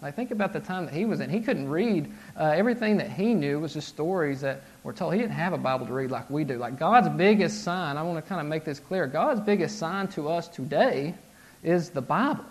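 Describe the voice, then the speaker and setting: A man in his thirties delivers a casual sermon in a fairly high voice. He talks loosely and conversationally, with restarts, filler words and frequent "right?" checks with his listeners. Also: animated, brisk. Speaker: pastor.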